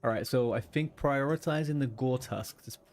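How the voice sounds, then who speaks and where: A man's voice: mid-range voice, moderate pace, darkish tone. A man streaming a game, chatting casually, swearing and muttering to himself as he plays. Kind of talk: casual gaming livestream chat.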